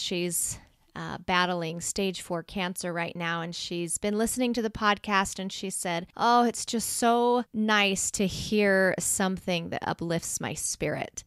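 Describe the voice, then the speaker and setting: A woman's voice: on the low side, smooth, no room sound, studio quality. A woman hosting a faith podcast, talking in a gushing, tender way that edges into emotion. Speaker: podcast host. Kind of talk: faith podcast outro and interview.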